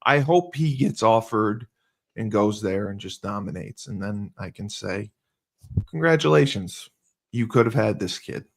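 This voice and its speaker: Rambling football coach hosting a chat. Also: male voice, fairly low pitch, lively intonation, a little slow, gravelly. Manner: rambling, teasing, frequent fillers. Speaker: football coach and podcast host. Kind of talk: casual chat.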